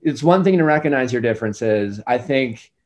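A man's voice: medium pitch, animated, normal speed, a little mellow. A man in his forties giving relationship advice in a casual podcast chat, rambling and earnest with many fillers. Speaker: dating advice guest.

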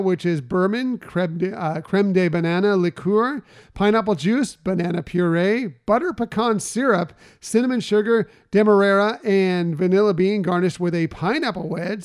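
Male podcast host with a high voice, casual chat, reading lists with easy fillers. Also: normal speed, clear, resonant tone. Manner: reads out long menu lists with fillers and restarts.

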